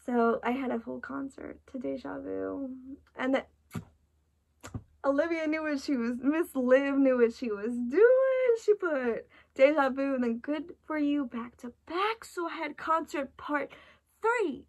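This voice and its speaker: A woman's voice: high voice, unhurried, vocal fry. A woman chatting in a casual, rambling way, full of restarts and "like", sounding tired and emotional. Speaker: vlogger reacting to an album.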